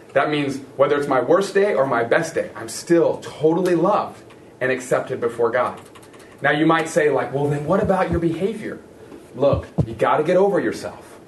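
A man preaching a sermon as a pastor, telling a story with lively acted-out voices of others. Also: a little high, a little hiss or hum. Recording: echoey room from a distance.

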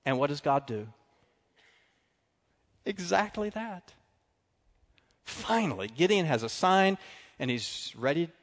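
A man delivers a sermon in a big sanctuary, his voice trailing off in a long hall echo. He sits a bit high for a man and tells stories with lively shifts, rising to emphatic points and dropping to hushed, confessional tones. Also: takes it slowly, long pauses. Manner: animated storytelling, drops to quiet confessional tones. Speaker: preacher. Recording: long reverb of a large hall.

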